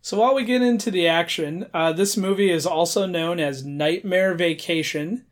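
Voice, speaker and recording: A man's voice: sits high, moderate pace. A man co-hosting a podcast, giving casual commentary on a movie with dry, observational remarks. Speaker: podcast co-host.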